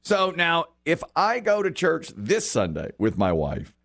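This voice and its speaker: A man's voice: a little high, unhurried, vocal fry. A middle-aged man hosting a radio show, chatting casually and telling stories while acting out the voices of people he quotes. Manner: animated storyteller who acts out quoted voices. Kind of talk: casual on-air chat.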